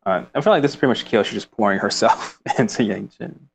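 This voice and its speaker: Low gravelly guy rambling about a book, reads bits out loud, lots of ums. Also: fast, a little hiss or hum. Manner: rambling, with frequent fillers and laughs. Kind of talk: casual book discussion, reading passages aloud.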